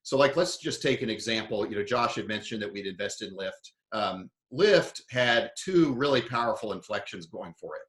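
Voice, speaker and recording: A man investor giving a measured, explanatory talk to founders, with frequent fillers. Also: on the low side, lively intonation, a bit bright, reverberant. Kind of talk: conference talk.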